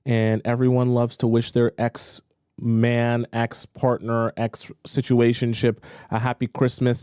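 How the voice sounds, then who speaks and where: A man's voice: mid-range voice, a little mellow, clear, resonant tone, no room sound, clean studio sound. A man working as a dating coach who reacts to clips in a casual, playful, teasing way. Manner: playful, chatty, teasing asides. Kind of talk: casual commentary.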